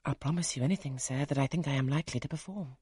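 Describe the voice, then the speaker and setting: A man with a husky voice reading the part of a reserved young woman governess in an audiobook, polite and measured, with a slightly raised tone. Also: mid-range voice, no echo, clean studio sound, lightly acted. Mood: quietly firm. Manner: polite, measured, soft-spoken.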